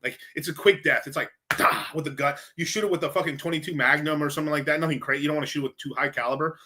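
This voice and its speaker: A young man from Mexico with a bright, forceful voice streams live over a desk mic. He answers chat questions in a casual, rambling way. He swears freely and restarts his sentences often. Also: on the high side, steady tone, racing, a little hiss or hum. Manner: profane, loose, lots of fillers and restarts. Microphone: streaming microphone.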